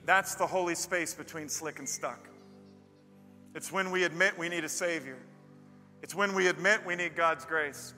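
A male pastor preaching a sermon in a church, telling stories emphatically and building to loud peaks. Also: on the high side, moderate pace. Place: church with a live band. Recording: long reverb of a large hall. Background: faint band music.

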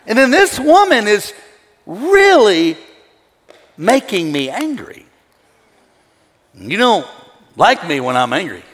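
A man preaching a sermon to a live congregation, telling a story in an animated, joking way. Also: high-pitched, slow, pauses often. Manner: storytelling, animated, jokey with the crowd. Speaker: pastor. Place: church auditorium. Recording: large hall with long reverb.

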